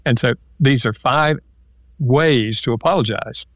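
Man, author guest, calm explainer, mid-pitched voice, dry close mic. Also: measured pace, dry recording. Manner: calm, explaining step by step with examples. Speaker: author and marriage counselor guest. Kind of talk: relaxed interview talk.

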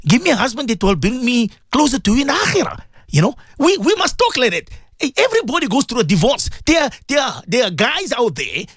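A middle-aged man hosting a radio advice talk, preaching with lots of repetition and swinging between loud urging and soft pleading. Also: very high voice, big pitch swings, fairly quick, slightly rough, no echo. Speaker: radio host and Islamic counselor.

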